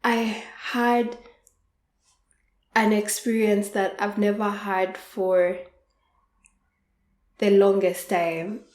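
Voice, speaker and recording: A woman podcast host telling a frank, unhurried story in a candid monologue, with soft laughs. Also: mid-range voice, level tone. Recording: roomy echo.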